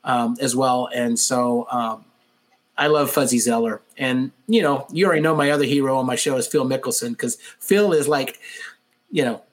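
A man's voice: medium pitch, moderate pace. A man who hosts a radio show, chatting on a podcast in a rambling way, full of fillers. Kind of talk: casual podcast chat.

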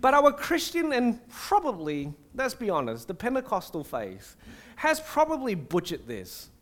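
A man preaching a sermon, conversational and animated, with fillers and restarts. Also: high voice, measured pace. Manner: animated, acts out prayers and quotes with shifting voice.

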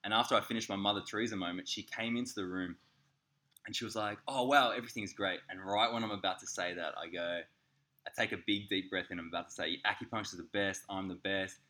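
An Australian man, an acupuncturist, telling a funny story in casual podcast chat, animated and laughing as he acts out the people in it. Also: lowish voice, fast. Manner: animated, laughing, swearing, acts out voices in anecdotes.

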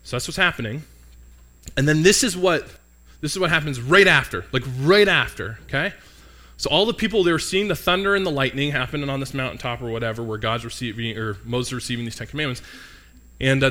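A man's voice: fairly high pitch, sharp tone. A young man preaching a casual, conversational sermon and asking the congregation questions. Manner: conversational, asks the congregation questions, jokes with listeners. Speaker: pastor.

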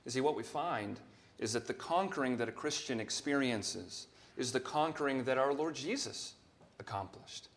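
On a Sunday, a pastor preaches with earnest conviction in a plain, mid-pitched male voice. His pace is measured, steady, and unhurried, and he lifts his voice to stress quoted scripture.

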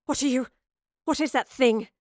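A woman voicing a fierce, demanding older soothsayer woman in an audiobook, speaking loudly. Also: fairly high pitch, a little fast, no room sound, studio quality, close to an everyday voice. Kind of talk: audiobook character voice.

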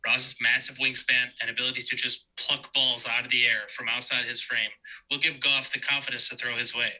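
A man reading a scripted sports analysis aloud, steady and fluent. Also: medium pitch, rough recording.

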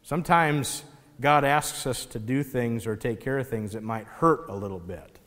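A man giving a sermon in an animated, conversational storytelling way. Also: medium pitch, moderate pace, long reverb tail. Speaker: pastor.

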